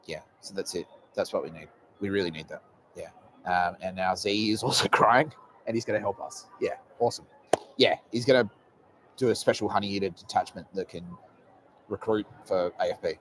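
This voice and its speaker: Aussie guy hosting a live podcast, low voice, rambly and sweary, laughs a lot. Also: a little fast, a bit bright, a little hiss or hum. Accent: Australian. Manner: rambling, profane, laughs often. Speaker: podcast host. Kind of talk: casual live podcast chat.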